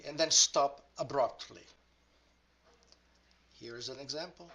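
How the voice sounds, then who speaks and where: A man teaching a pronunciation lesson, speaking slowly and deliberately and drawing out example words. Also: a little high, pushed and bright. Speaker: language teacher. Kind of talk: grammar lesson.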